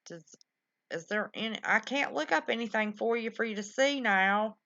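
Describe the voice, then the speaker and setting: A woman hosts a live stream, her voice a touch high and her talk folksy and chatty. The sound is dry and close, but dull and lo-fi. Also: moderate pace, bright, forceful tone, no echo. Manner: folksy, chatty, affectionate with callers. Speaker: livestream show host. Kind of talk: casual live-stream chat.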